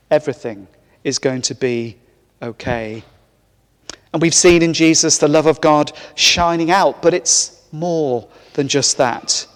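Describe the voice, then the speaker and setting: Vicar preaching in an echoey church. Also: male voice, a little high, a little slow. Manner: warm, conversational preaching with light humor. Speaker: parish vicar. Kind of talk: sermon. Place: large church.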